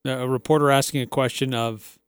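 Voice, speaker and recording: Smooth-voiced male sports radio host. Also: mid-range voice, fairly quick, no echo. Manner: relaxed, conversational, recounting stories. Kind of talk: casual sports talk.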